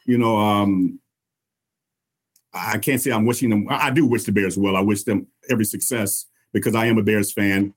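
A man's voice: on the low side, fairly even intonation, moderate pace, slightly rough. A man who is an alderman running for mayor, answering interview questions earnestly and often repeating words. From Chicago.

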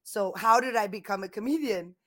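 A comedian in her thirties chats casually as a guest on a podcast, telling lively stories and acting out the voices of the people she quotes. Her voice is mid-range and she talks fairly quickly.

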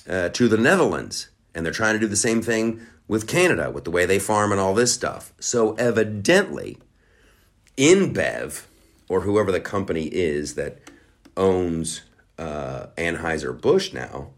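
A man's voice: low voice, a bit bright. A man hosting a podcast, ranting in a crude, sarcastic, rambling way with lots of profanity. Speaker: podcast host. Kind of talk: crude comedic rant.

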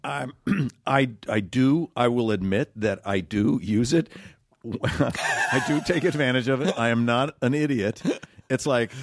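A man's voice: mid-range voice, measured pace, no room sound, clean studio sound. A man in casual chat, telling playful stories and often slipping into silly put-on voices. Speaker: podcast guest.

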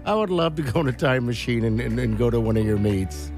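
A man hosting a morning radio show, joking with co-hosts and reading quick promos. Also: medium pitch, expressive, music in the background. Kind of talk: casual morning radio chat.

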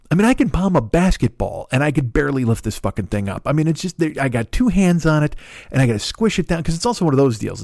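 A man's voice: a little high, a little mellow, no room sound, studio quality. A man hosting a podcast, ranting in a profane, exasperated and rambling comedic way. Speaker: podcast host.

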